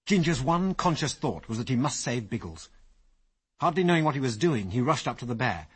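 A man narrating an adventure story as an audiobook, with lively, expressive storytelling. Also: medium pitch, brisk, husky.

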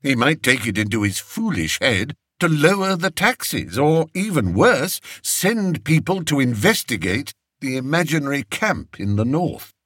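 A man narrating a story in an expressive, unhurried way, recorded close on a studio mic. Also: medium pitch, breathy edge, dry recording. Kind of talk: audiobook narration.

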